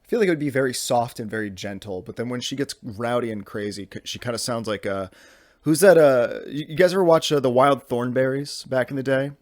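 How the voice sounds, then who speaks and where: A man's voice: mid-range voice, a little fast, no echo. A young man hosting a podcast from his bedroom, rambling casually with lots of fillers and restarts. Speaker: podcast host.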